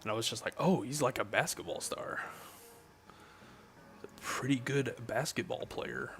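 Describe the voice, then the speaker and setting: A man's voice: mid-range voice, a little slow, creaky, fairly bright tone. A young man chatting casually on a gaming livestream, joking and reading chat aloud, with faint music behind him. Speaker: streamer.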